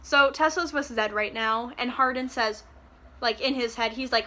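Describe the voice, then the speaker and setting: A woman rants through a book review in a sarcastic, exasperated tone. Her voice is bright and sits fairly high. She swears casually and keeps up a fast, chatty flow.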